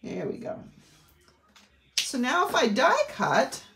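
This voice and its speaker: This craft demonstration comes from a middle-aged woman with a Maine accent who chats and rambles as she goes. Her voice is high and slow, swinging hugely in pitch, with background noise and a roomy echo around her.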